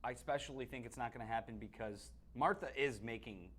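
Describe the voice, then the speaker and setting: A man's voice: mid-range voice, brisk, fairly bright tone. A man co-hosting a sports webcast, giving blunt opinions on football in casual talk that is full of restarts. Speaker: sports analyst co-host.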